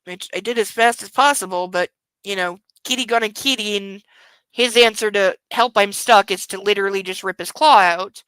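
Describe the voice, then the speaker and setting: A woman's voice: mid-range voice, a little fast, a bit bright, smooth, no echo, rough recording. A woman hosting a casual late-night livestream from home, cooing baby talk to her dog and swearing freely. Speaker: livestream host.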